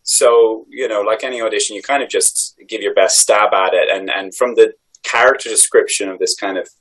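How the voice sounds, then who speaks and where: A man's voice: fairly low pitch, steady tone, a little fast, fairly bright tone, rough recording. An Irish man, a voice actor, answering interview questions in a reflective, rambling way with many restarts. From Ireland. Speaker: voice actor guest.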